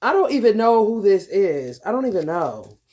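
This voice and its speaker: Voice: mid-range voice, big pitch swings, moderate pace, a little mellow. Chatty vlogger rambling to the camera, lots of slang and cussing, laughs a bunch, keeps saying honey. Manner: loose, slangy and profane, laughs often, calls listeners honey and baby. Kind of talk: casual monologue.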